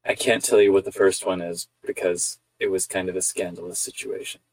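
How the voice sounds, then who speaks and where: A man voicing a smooth, reassuring character who talks glibly. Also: deep voice, fairly even intonation, a little fast, a little mellow, dry recording, rough recording. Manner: reassuring, glib. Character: smooth-talking adult male character, friendly.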